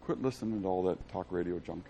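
A man preaching a sermon in a casual style, asking the congregation rhetorical questions and swinging from hushed to loud and excited. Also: low voice, fast talker, creaky, slight background noise. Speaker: pastor.

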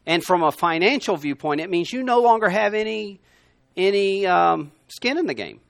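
A man teaching a Bible lesson to a room of listeners, conversational and emphatic, swinging between loud and quiet. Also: high-pitched, animated, moderate pace, creaky, no room sound, clean studio sound. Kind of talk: sermon. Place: room with a gathered class.

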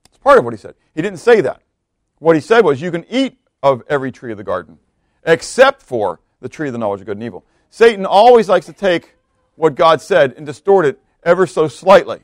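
A man's voice: fairly high pitch, very animated, a little fast, no echo, clean studio sound. A male pastor giving a conversational sermon, often stopping to ask his listeners questions and reading scripture aloud. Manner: conversational preaching with repeated rhetorical questions.

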